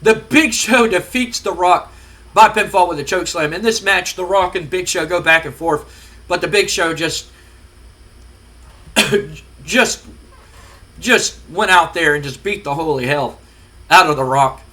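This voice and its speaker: A man narrates a wrestling sim game in a loose, rambling way with many fillers. His voice is bright and a bit high. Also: measured pace, pauses often. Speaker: game streamer.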